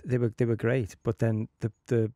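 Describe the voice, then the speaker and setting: A man's voice: mid-range voice, level tone, normal speed, mellow, dry recording, clean studio sound. A man hosting a podcast, chatting casually with many fillers. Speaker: podcast host. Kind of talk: casual interview chat.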